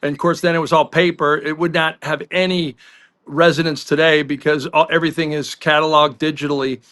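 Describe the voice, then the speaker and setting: A man co-hosting a sports talk podcast, telling chatty anecdotes with quick asides. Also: on the high side, flat delivery, fairly bright tone. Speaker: podcast co-host.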